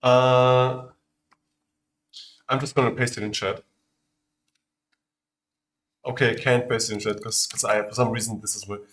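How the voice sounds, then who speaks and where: A man's voice: mid-range voice, flat delivery, measured pace, pauses often, a bit bright. A man from Austria with an Austrian German accent whose first language is German. He chats casually on a livestream while building a game, talking in a distracted way as he works. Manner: distracted, talks while working. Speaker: streamer making a game.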